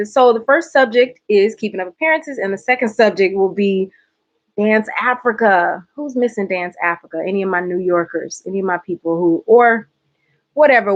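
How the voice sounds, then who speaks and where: A woman's voice: mid-range voice, highs cut off. A woman from Georgia with a light Southern accent, chatting playfully with her viewers in a casual livestream. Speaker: host.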